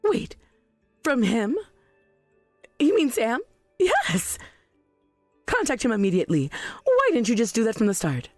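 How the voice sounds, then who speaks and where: A woman's voice: on the high side, huge pitch swings, measured pace, pauses often, no room sound, soft background music, heavily acted. Woman voicing an indignant self-righteous mother. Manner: sharp, defensive and outraged. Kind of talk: text-message story voice reading.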